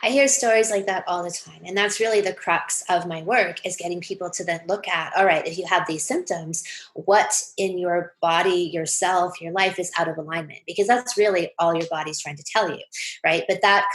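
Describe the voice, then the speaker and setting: Woman sex coach, emphatic, confident, lowish voice, podcast guest. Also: steady tone, moderate pace, a bit bright, rough recording. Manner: emphatic, confident, laughs often.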